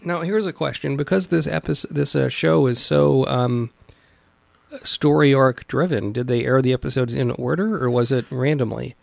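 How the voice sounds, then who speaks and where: A man co-hosting a podcast talks in a relaxed, thoughtful way, often pausing with fillers. His voice has a gravelly fry. The sound is dry, with no room echo. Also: medium pitch. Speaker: podcast co-host. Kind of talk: casual chat about a cartoon series.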